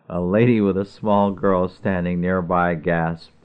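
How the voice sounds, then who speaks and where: A man tells a humorous family story in a very low, steady voice. His delivery is dry and even. The sound is thin and tinny, like a phone line. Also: a little slow, hardly any pauses, smooth.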